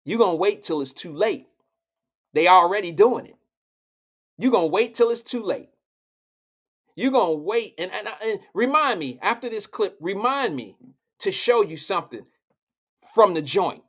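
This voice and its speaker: Man, live show host, high voice, blunt, profane, heated commentary. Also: animated, normal speed, pauses often, a bit bright. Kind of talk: political commentary.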